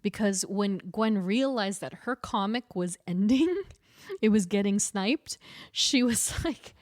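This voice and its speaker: A woman co-hosting a podcast, telling stories animatedly with quick laughs. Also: mid-range voice, lively intonation, no room sound, clean studio sound. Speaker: podcast co-host. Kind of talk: casual chat.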